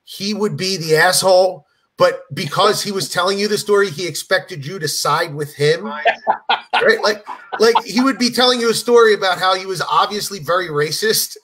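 A high-pitched man with a bright, ringing tone tells a long story on a casual podcast. He slips in and out of the voices of the people he describes, keeping the pace lively. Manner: animated storyteller, acts out quoted voices. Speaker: comedian guest.

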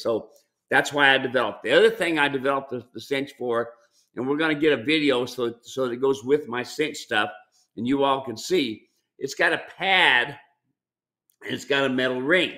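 A man's voice: mid-range voice, sharp tone. A middle-aged man who owns a mule ranch, talking casually with viewers in a folksy way, often stumbling over and repeating words. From United States. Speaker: mule ranch owner and trainer. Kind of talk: casual live-stream Q&A.

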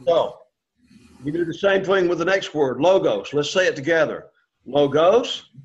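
A man leads a classroom Greek lesson, saying each word and having the class echo it back. His voice sits fairly high for a man, and he comes across as patient. The recording is dull and lo-fi, like a basic classroom recorder. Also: normal speed. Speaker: Greek teacher. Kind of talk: classroom lesson with call-and-response drills.

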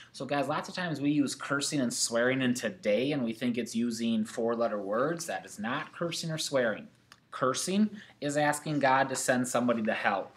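Male teacher, plain mid-pitched voice, talks a class through a worksheet. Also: fairly bright tone. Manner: reads scripture aloud, numbering answers. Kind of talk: recorded classroom lesson.

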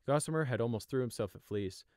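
A man reading a story aloud in a steady, even storytelling voice. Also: mid-range voice, fast talker, no echo, clean studio sound. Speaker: audiobook narrator. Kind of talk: storybook narration.

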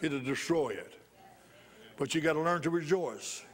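A man's voice: on the high side, expressive, measured pace. A male pastor preaching a sermon in church, repeating phrases for emphasis and bursting into laughter.

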